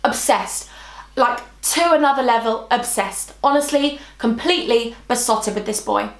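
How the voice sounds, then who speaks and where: A woman's voice: on the high side, moderate pace, background noise. A British woman in her twenties telling a storytime vlog, emotional and chatty, full of "like" and repeated phrases. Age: 20s. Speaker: vlogger. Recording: echoey room.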